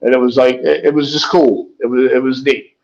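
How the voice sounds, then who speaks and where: A man's voice: medium pitch, fairly even intonation, brisk, a little mellow. A man guesting on a podcast, telling a wrestling story in a loose, rambling way. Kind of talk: conversational storytelling. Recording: slightly dull lo-fi audio.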